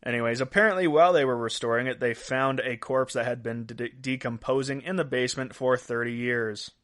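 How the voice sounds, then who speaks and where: Man, podcast host, casual news chat, jokey, laughs a lot, mid pitch. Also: fairly quick, a bit bright. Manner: jokey, laughs at his own stories.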